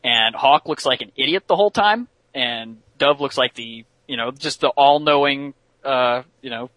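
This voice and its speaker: A man's voice: medium pitch, moderate pace, fairly bright tone, no room sound. A man co-hosting a podcast, giving an exasperated, opinionated critique of an episode. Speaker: podcast co-host. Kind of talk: casual chat, critique.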